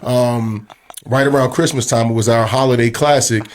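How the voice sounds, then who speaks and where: A man with an average-pitched voice talks as a guest on a local sports show. He is upbeat and promotional and slips in light jokes as he invites people to sign up. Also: steady tone, moderate pace, a little hiss or hum. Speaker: vice president of a youth football organization, studio guest. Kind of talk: casual sports show chat.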